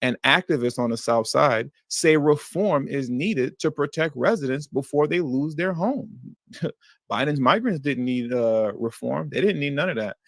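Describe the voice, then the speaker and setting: A man hosting a livestream, reacting to news clips with animated, indignant commentary that slips into slang. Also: medium pitch, unhurried, vocal fry, dry recording, clean studio sound. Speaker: livestream host.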